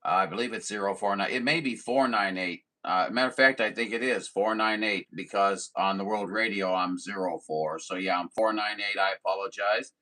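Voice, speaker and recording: A man's voice: fairly low pitch, steady tone, normal speed, hardly any pauses, pushed and bright, low-quality recording. A man from southern Missouri chatting casually on a CB radio frequency, folksy and apologetic, with lots of fillers. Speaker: CB radio operator.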